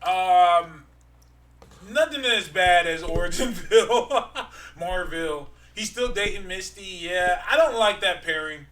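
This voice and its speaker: A man co-hosting a casual podcast, mocking and exclaiming loudly, laughing often as he rants about comic books. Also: sits high, lively intonation, slow, reverberant, distant mic. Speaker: podcast co-host.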